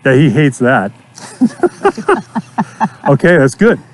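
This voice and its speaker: A man coaching a student through horse training outdoors, giving steady encouragement and repeating his praise. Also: a little high, slow pace. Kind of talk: hands-on coaching.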